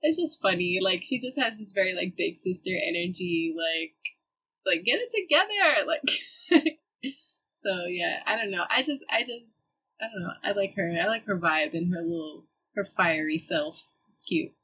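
A woman's voice: lowish voice, normal speed, bright, forceful tone, slightly rough, poor audio. A young woman guest, a musician, chatting in a laid-back, slangy way and laughing often. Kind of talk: casual chat.

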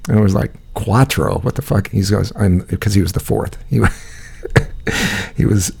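A man's voice: fairly low pitch, unhurried, creaky, a little mellow, husky. A man telling a rambling, profane story in casual chat, laughing often.

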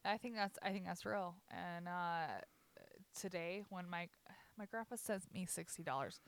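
A woman's voice: on the low side, normal speed, clean tone. A young woman hosting a podcast, talking candidly and rambling, laughing often. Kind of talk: casual chat.

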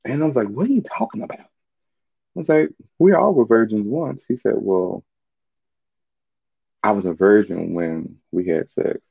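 A man tells a story in a lively, swooping voice, full of slang, swearing and frequent laughter. The recording is dry and a little muffled. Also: lowish voice, measured pace, vocal fry, pauses often, breathy edge, no room sound. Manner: animated, profane, laughs often. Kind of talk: casual storytelling monologue.

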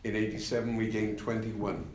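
An older man, a former party leader, telling anecdotes in an unhurried interview, with many fillers and wry laughs. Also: fairly low pitch, flat delivery, darkish tone, echoey room, slight background noise. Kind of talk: reflective interview conversation.

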